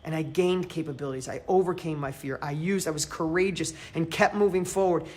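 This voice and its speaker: A man coaching a live audience in a motivational training, emphatic and fervent, repeating phrases for emphasis and swinging between loud and quiet. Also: on the high side, a little fast. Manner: fervent, emphatic, pep-talk delivery.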